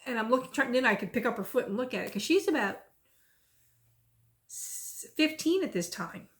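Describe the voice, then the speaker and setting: A middle-aged woman with a drawl talks through her cross stitch projects in a relaxed, rambling way. Her voice sits a little high, and she gets lively as she tells a story. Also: moderate pace. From Texas. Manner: chatty, rambling, lively when retelling stories. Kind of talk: casual chat and storytelling.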